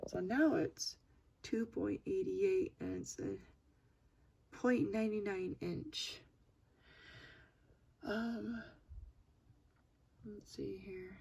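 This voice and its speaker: A woman in her thirties casually walking through embroidery software at her home computer, hesitant and self-deprecating, with lots of ums. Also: medium pitch, gravelly, husky. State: has the hiccups. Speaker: crafter demonstrating software. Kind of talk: casual screen-recorded tutorial.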